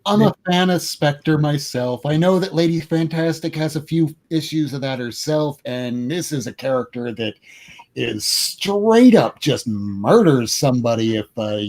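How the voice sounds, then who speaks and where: A man guest on a casual online panel, animated and joking as he talks. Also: on the high side, measured pace.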